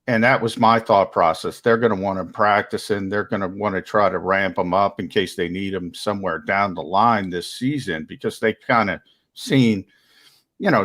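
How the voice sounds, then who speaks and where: A man's voice: sits low, fairly bright tone. A man in sports-show chat, giving his opinions on a football team's roster, talking casually with frequent restarts. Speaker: sports analyst.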